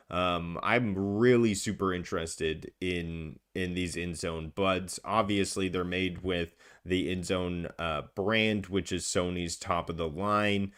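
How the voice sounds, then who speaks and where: A man co-hosting a gaming podcast in a casual, chatty way, with plenty of ums and uhs. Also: deep voice. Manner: chatty, filler-heavy, upbeat. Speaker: podcast co-host.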